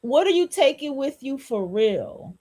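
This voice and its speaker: A woman's voice: sits high, big pitch swings, a little slow, dark tone. A woman hosting a solo podcast, talking in a blunt, repetitive, preachy and profane way. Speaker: podcast host.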